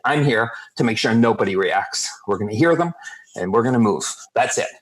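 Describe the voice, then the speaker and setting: A man who works as a sober coach, telling blunt, profane stories in a calm, steady way as a podcast guest. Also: on the low side, a little fast, poor audio. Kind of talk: casual podcast storytelling.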